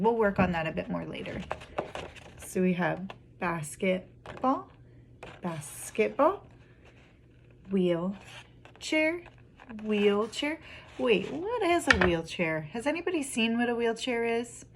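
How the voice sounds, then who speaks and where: A woman's voice: mid-range voice, animated, fairly quick. A young woman teaching a phonics lesson to small children, drawing out each word syllable by syllable in a sing-song way. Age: young adult. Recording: clear background noise.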